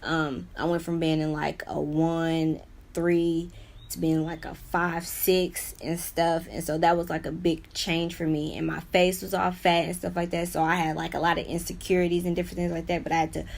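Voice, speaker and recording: Speaking at normal speed in a fairly low, gravelly voice with little pitch movement, a young woman shares her illness in an unscripted vlog. Her earnest, rambling account of her life is peppered with "like" and "you know."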